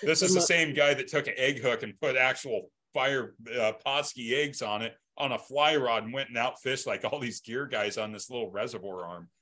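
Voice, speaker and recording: A man of middling pitch co-hosts a podcast and tells anecdotes. He laughs easily and acts out quotes as he goes. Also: moderate pace, hardly any pauses, bright, forceful tone. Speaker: podcast co-host. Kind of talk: casual chat.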